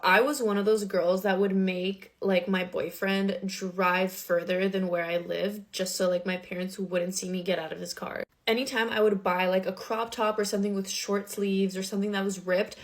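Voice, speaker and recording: A young woman in a casual storytime, filling her talk with "like" as she goes. She retells things in an animated, dramatic way at a middle pitch. Her voice is neither high nor low. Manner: chatty, lots of "like" fillers.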